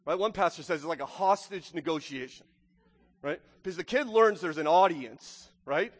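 Animated male pastor in a reverberant hall. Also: high voice, a little fast. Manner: animated, acts out voices, keeps asking "right?". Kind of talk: sermon.

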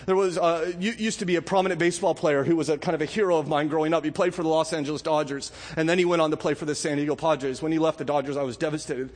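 A middle-aged man preaching a sermon as pastor, earnest, with his voice dropping low and slow and then rising high and impassioned. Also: fairly even intonation, big-room sound.

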